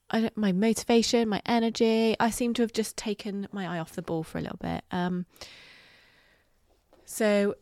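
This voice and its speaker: A woman's voice: medium pitch, fairly even intonation, darkish tone, no room sound. Middle-aged woman chatting on her podcast, open and reflective, lots of ums, swears a bit, dry sound. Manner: candid and reflective, halting with fillers, some swearing. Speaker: podcast host. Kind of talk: casual solo podcast monologue.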